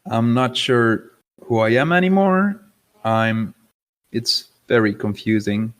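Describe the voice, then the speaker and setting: A man's voice: medium pitch, expressive, takes it slowly. A man voicing a confused, glowing blue man-like hero in a tabletop game, talking in a hesitant, pleading way.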